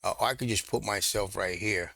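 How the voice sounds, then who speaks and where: Man from the Caribbean, reaction host, casual chatty commentary, bright tone, dry close sound. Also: on the low side, brisk, vocal fry, dry recording. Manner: chatty, repeats himself, puzzles over what he hears.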